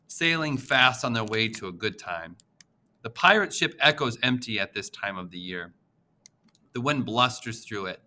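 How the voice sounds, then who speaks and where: Man, audiobook narration, expressive emotional reading, very bright timbre, mid pitch.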